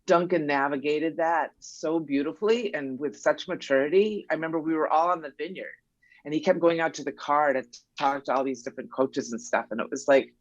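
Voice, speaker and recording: A woman's voice: low-pitched, a little fast, no echo, dull audio. Middle-aged woman telling stories on a podcast. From New England. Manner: warm storytelling, acting out remembered dialogue. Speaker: guest, mother of a basketball player. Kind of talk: casual podcast chat.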